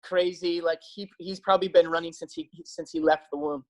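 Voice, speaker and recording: A man's voice: on the high side, fairly even intonation, a little fast, rough recording. A man speaking casually and eagerly to his viewers as a health practitioner, upbeat and persuasive, with frequent fillers. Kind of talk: casual enthusiastic talk to camera.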